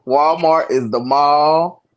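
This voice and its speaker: A man joining a casual live review chat, making slow joking asides. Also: a little high, a little hiss or hum.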